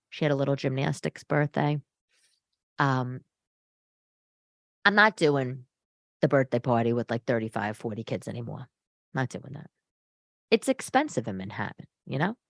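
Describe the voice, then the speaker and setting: A woman hosting a casual solo podcast, animated and sarcastic as she rants. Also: a bass voice, vocal fry, dry recording, clean studio sound. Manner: animated, ranting, sarcastic asides. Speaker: podcast host. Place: home living room.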